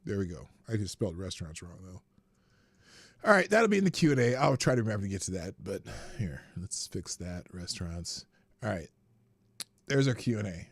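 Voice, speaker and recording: A man's voice: low voice, very animated, fairly quick, husky, dry recording. A man hosting a live stream, chatting casually and rambling, with frequent laughs and restarts. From United States. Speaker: livestream show host.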